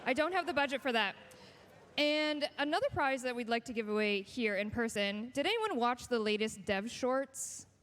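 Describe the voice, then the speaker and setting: An upbeat woman emcees a live stage event and keeps the show moving with a playful touch. Her voice sits a little high for a woman. She speaks with easy confidence. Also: lively intonation, moderate pace, a bit bright. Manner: upbeat, playful, running giveaways. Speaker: stage host.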